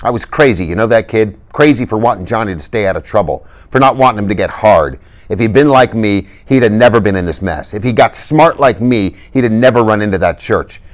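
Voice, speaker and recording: A man's voice: on the low side, lively intonation, fairly quick, voice pushed up, lightly acted. A man voicing a reckless, tough teenage greaser boy who talks in urgent, commanding street slang. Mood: raving.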